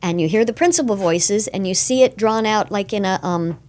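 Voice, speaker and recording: A voice actress chatting in an interview, full of animated storytelling. She switches into little voices as she recounts things. Her pitch sits in a middle register. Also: brisk. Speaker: voice actress guest. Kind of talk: casual interview chat.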